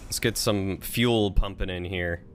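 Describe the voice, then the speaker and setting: A man's voice: low voice, fairly even intonation, unhurried, slight background noise. A man casually thinking aloud while streaming a strategy game, chatting with and thanking his viewers. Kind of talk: casual live-stream commentary.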